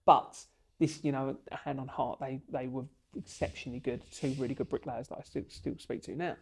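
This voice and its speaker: A man, a guest on a podcast, telling long stories in an animated and emotional way. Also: mid-range voice, brisk, slight background noise. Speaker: podcast guest, bricklaying tutor. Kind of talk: storytelling in a podcast interview.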